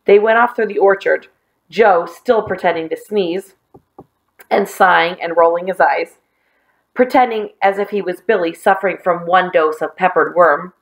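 A woman reading a children's novel aloud, giving the characters lively voices and adding chatty asides. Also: lowish voice, normal speed, rough recording. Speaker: children's book reader.

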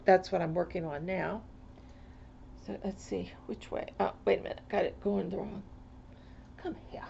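A woman's voice: medium pitch, gravelly, darkish tone. A woman from Florida chatting in a rambling way on her crafting vlog, with many restarts. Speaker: crafting vlogger. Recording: dull lo-fi home recording.

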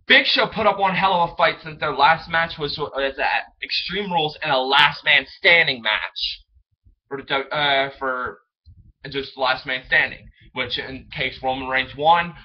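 Excitable young man rambling, lo-fi sound. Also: fairly high pitch, a little slow. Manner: rambling, excitable, stumbles over words. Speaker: wrestling fan vlogger. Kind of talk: casual solo commentary. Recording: dull lo-fi home recording.

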